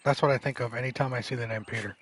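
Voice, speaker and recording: A man's voice: mid-range voice, steady tone, very fast, slight background noise, rough recording. A man casually commenting while streaming a game, chatting with and teasing his viewers. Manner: chatty, teasing the chat, bursts into loud impressions. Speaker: livestreamer playing a game. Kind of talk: casual live gameplay commentary.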